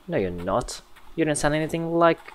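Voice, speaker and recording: A man's voice: fairly high pitch, very animated, a little fast, a bit bright, a little hiss or hum, low-quality recording. A man giving sarcastic, jokey commentary while playing a horror game. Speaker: gaming youtuber.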